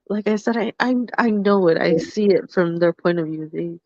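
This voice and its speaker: A woman's voice: mid-range voice, darkish tone, no echo. Female co-host, frank and teasing, stop-start delivery; dry, a bit muffled recording. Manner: frank, teasing, halting with restarts. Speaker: podcast co-host. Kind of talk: live podcast talk.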